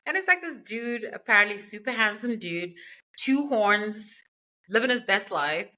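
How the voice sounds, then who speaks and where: A woman's voice: medium pitch, animated, measured pace, bright, forceful tone, rough recording. A woman hosting a podcast, retelling a book's plot in a chatty, slangy way with asides. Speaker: podcast host. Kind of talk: casual book recap.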